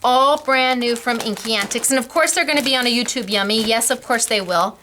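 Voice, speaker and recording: A middle-aged woman hosting a craft class, chatting warmly and gushing over samples, laughing often. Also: a little high, brisk, slight background noise. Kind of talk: casual product demo.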